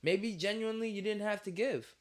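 A man's voice: high voice, a little fast. A man hosting a casual podcast chat, telling work stories in a laid-back way and laughing easily.

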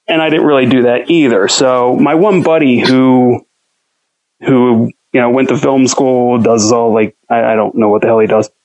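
A young man, a home cook appearing as an interview guest, casually tells a long, rambling story, swearing freely and animatedly acting out quoted talk. His voice is medium-pitched at a moderate pace, on dull audio.

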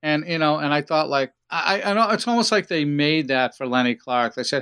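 A man's voice: fairly high pitch, lively intonation, a little fast, a bit bright, clear, resonant tone. A man who works as an actor, telling joking, rambling stories in a casual chat.

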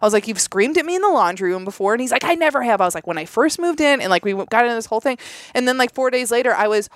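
A woman chatting casually on a podcast, telling an animated story, acting out the voices of the people in it and laughing and swearing often. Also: fairly high pitch, rapid-fire, no echo.

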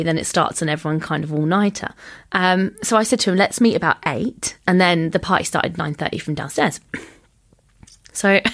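A woman chatting as a guest, telling a story and acting out the dialogue with lots of "like". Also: fairly low pitch. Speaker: podcast guest. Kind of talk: casual anecdote telling.

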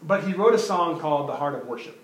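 A man preaching a sermon as pastor, animated, often repeating words as he builds his point. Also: a little high, fast, reverberant, poor audio.

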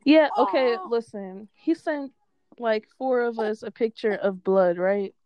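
A woman in a casual chat, telling an animated, profane story and quoting what others said. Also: fairly high pitch, measured pace, dry recording, lo-fi sound.

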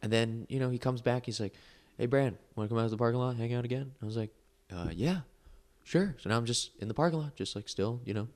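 A man's voice: medium pitch, fast talker, a little mellow. A young man, a podcast guest, telling a long casual story full of "like" and "you know.". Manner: rambling, filler-heavy storytelling with lots of "like".

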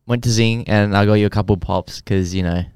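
A young man co-hosting a casual podcast chat, swearing a lot and getting excited. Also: on the low side, fast talker, smooth, no room sound, studio quality. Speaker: podcast co-host.

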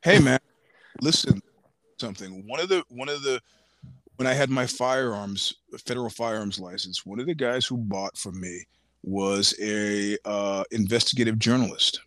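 A man as a podcast guest, telling stories in casual chat, animated, laughing often and swearing freely. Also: fairly low pitch, normal speed, no echo, studio quality.

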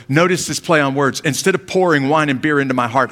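A man preaching an earnest, pleading sermon as pastor, rising in force when he reads scripture and sinking low and soft at the ends of his phrases. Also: fast, few pauses.

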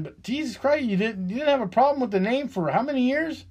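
A man's voice: sits high, very animated, a little fast, hardly any pauses, darkish tone. Profane ranting man in his fifties. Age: 50s. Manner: profane, heated and sarcastic. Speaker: podcast host. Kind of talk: opinionated solo rant.

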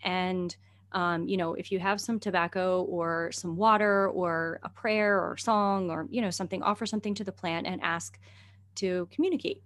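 A woman's voice: lowish voice, moderate pace, no echo. Chatty middle-aged woman telling a story. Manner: chatty, animated, laughs often, many fillers. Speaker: guest herbalist and naturalist. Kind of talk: casual storytelling in conversation.

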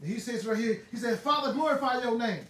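A man preaching a sermon in a fervent, emphatic way, now and then bursting into shouts. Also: extremely high pitch, animated, fast. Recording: roomy, distant mic, faint ambient noise.

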